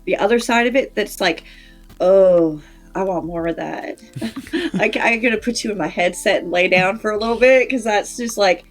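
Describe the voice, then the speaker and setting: A woman streamer chatting as a guest, expressive and quick to laugh. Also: mid-range voice, faint music behind. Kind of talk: casual interview chat.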